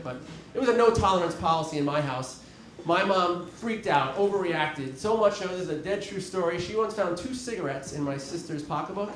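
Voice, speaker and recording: A man's voice: on the high side, animated, fast, slight background noise. A man in his thirties doing a rambling, self-deprecating stand-up set on a club stage with a handheld mic. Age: 30s. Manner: rambling, self-deprecating, with filler words and restarts. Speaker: stand-up comedian. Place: comedy club stage before a live audience. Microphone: handheld stage mic with dropouts. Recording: roomy club sound with crowd laughter.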